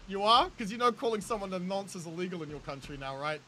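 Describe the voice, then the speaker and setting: Man, New Zealand accent, game streamer, bright voice, slightly high, jokes and laughs a lot, faint background noise. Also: fairly quick. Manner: jokey, laughs often, swears freely. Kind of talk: casual gameplay commentary chatting with viewers.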